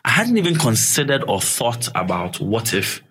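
A young man from Ghana, a guest in an interview, telling animated stories and acting out voices, laughing often. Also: mid-range voice, moderate pace, slightly rough. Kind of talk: storytelling interview.

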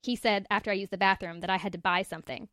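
A woman's voice: mid-range voice, racing. A woman co-hosting a casual podcast, animatedly retelling a book plot and acting out the quoted lines. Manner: animated storyteller, acts out quotes. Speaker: podcast co-host presenting a book. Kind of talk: casual chat, retelling a story.

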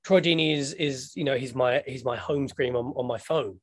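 A man's voice: mid-range voice, moderate pace, husky, dry recording. A young man co-hosting a casual fan podcast, rambling and joking with lots of restarts. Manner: rambling, jokey, many restarts. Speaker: podcast co-host.

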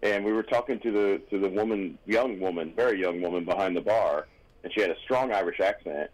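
A man's voice: low voice, brisk, darkish tone, low-quality recording. A man chatting casually on a radio show, telling rambling anecdotes full of restarts and asides.

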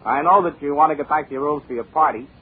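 A windbag of a career advisor, played by a man, drones on with halting uhs and a self-important air. Tinny old radio sound. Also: fairly high pitch, slight background noise, lightly acted. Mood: droning. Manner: pompous, droning, halting with uhs. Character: pompous male career advisor, long-winded.

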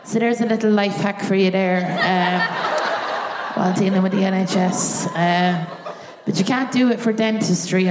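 A woman performs stand-up on a theatre stage, her voice ringing through an echoey hall. She tells her story with animated energy, laughing through the punchlines and jumping high for quoted lines. Noise from the live audience sits behind her. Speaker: stand-up comedian.

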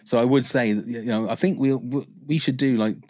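A man's voice: medium pitch, fairly quick, mellow, no echo, clean studio sound. A man co-hosting a film podcast, rambling and enthusiastic as he chats, swearing casually. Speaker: podcast co-host. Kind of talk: casual chat.

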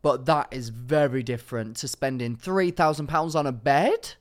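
A man's voice: medium pitch, normal speed. Chatty young man. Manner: chatty, excitable, laughs often. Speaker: podcast co-host. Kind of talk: casual chat.

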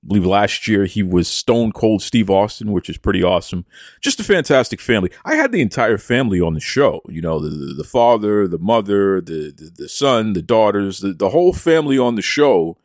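A man's voice: fairly low pitch, sing-song, brisk, a little mellow, dry recording, studio quality. A man hosting a podcast, reading out listener messages with playful mock bravado and talking about himself in the third person. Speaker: podcast host.

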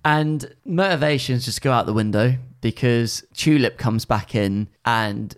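A woman co-hosting a casual film review chat, animated and incredulous. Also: extremely low pitch, unhurried. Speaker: podcast co-host.

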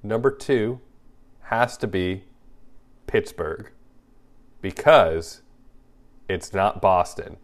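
A man's voice: low-pitched, expressive, very slow, long pauses. A man co-hosting a podcast in casual chat, with dry, teasing banter. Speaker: podcast co-host.

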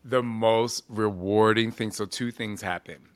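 With a lowish, unhurried voice, this forties-aged man spins expressive stories during a relaxed interview, his speech full of "like" and an occasional curse.

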